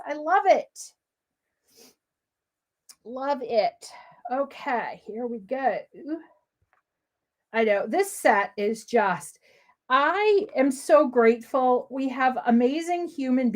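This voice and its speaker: A middle-aged American woman hosting a live crafting demo, bubbly and excitable, laughing often and chatting with viewers. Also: sits high. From United States. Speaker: craft livestream host.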